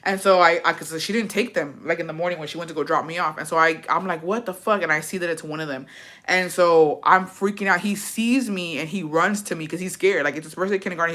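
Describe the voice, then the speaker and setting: A woman's voice: lowish voice, fairly bright tone. A young woman casually telling a personal story, swearing often and getting emotional. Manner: profane, emotional, tearful at times. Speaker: vlogger.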